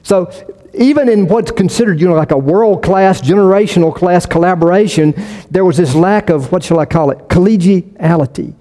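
A man's voice: high voice, normal speed, mellow, long reverb tail. A man preaching a sermon as pastor, in a conversational way, restarting and repeating phrases for emphasis.

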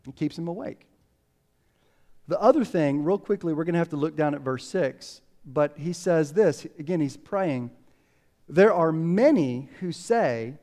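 A pastor giving a conversational sermon, telling stories and acting out quotes with lively ups and downs. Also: male voice, on the high side, unhurried. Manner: conversational, animated storytelling with acted quotes.

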